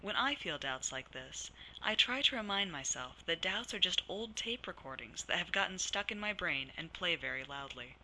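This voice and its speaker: A woman counselor reading a scripted instructional course, in a measured manner and walking through case examples. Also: lowish voice, animated, sharp tone, slight background noise, low-quality recording.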